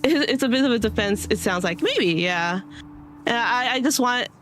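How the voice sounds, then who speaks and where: A woman's voice: a little high, lively intonation, normal speed, a bit bright. Rambling woman streamer, dry throat. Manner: rambling, many fillers and restarts. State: dry throat, clearing it now and then. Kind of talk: casual chat to stream audience.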